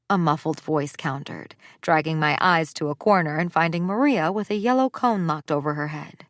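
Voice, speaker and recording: A woman narrates an audiobook in the first person, giving the lines expression. Her voice sits on the low side. The sound is dry and close, with no room around it. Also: moderate pace, few pauses, no room sound.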